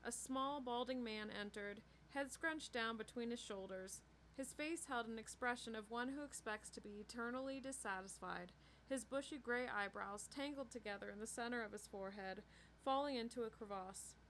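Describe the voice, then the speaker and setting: A woman reading a novel chapter aloud in a steady storytelling way. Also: a little high, moderate pace, slight background noise. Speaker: book reader.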